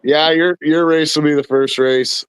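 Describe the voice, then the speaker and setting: A man's voice: on the high side, steady tone, unhurried, smooth, no room sound. A man in a casual chat with friends, trading profane, teasing banter. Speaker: podcast co-host.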